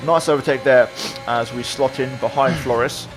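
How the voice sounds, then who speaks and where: Man giving relaxed racing replay commentary. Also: medium pitch, moderate pace, music in the background. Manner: relaxed, reflective, with many fillers. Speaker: sim racing video creator.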